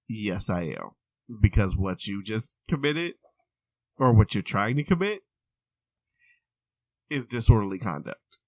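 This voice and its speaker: A man's voice: on the low side, a little slow, long pauses, no room sound. A man co-hosting a podcast, telling a work story in casual chat and laughing through it. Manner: animated, laughs through his stories. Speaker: podcast co-host.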